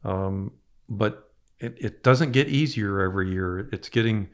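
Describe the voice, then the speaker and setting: A man's voice: on the low side, unhurried. An older man telling rambling fishing stories in a casual interview, repeating his words as he goes. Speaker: fishing guide guest.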